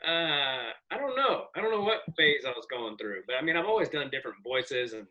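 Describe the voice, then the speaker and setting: A man in his forties, a comedian guest telling rambling, animated stories in casual podcast chat. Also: mid-range voice, fairly quick, dull audio. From American South. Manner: rambling, animated storyteller with profanity.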